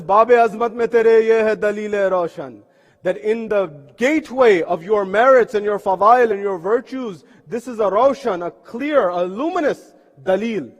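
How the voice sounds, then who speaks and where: A man delivers an impassioned sermon in a mosque, his high-set voice carrying through a long, ringing hall reverb. He swells loud when he chants verses of poetry and sinks low and quiet through the laments. It sounds like a live stream from the prayer hall. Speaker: preacher. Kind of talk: sermon with recited Urdu poetry.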